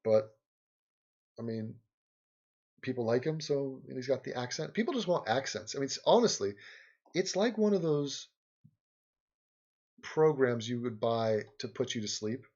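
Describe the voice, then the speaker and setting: A man's voice: medium pitch, animated, measured pace, long pauses, darkish tone, highs cut off. A man hosting a livestream, rambling sarcastically in casual chat and game commentary, often laughing. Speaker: livestream host.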